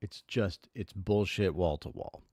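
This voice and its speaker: Streaming from home, a man reads a historical text aloud in halting passages, breaking off for exasperated, profane remarks full of fillers and restarts. His voice is low and slightly mellow, recorded cleanly in studio quality with no echo.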